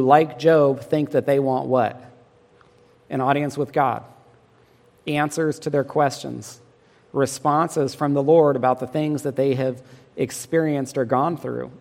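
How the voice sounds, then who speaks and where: A man's voice: medium pitch, gravelly, in a large hall. A man preaching a sermon in an earnest, emphatic way, often asking his listeners rhetorical questions. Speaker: pastor.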